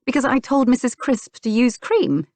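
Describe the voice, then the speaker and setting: A woman's voice: a little high, big pitch swings, normal speed, darkish tone, no room sound, voice pushed up. Woman reading a bold young healer woman. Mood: spirited. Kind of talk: audiobook character dialogue.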